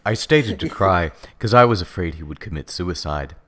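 Uomo dalla voce molto profonda, impassibile. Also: male voice, low-pitched, lively intonation, normal speed, fairly bright tone. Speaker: narrator. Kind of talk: comedic dramatic reading.

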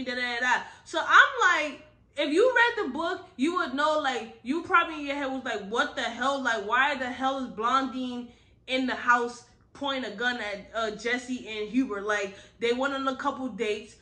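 Blunt, animated woman reviewing a book. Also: high-pitched. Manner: animated, blunt, slangy storytelling with frequent asides. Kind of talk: casual book review recap.

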